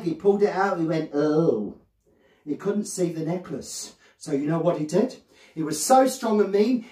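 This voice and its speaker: A man, a children's magician telling a story in a playful, animated way to young children. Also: sits high. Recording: roomy sound from a distant mic.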